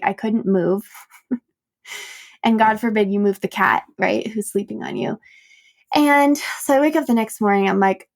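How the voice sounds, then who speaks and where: A woman podcast host and coach telling a personal story in a candid, self-mocking way, laughing often and acting out quoted dialogue. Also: mid-range voice. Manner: animated retelling with quoted dialogue.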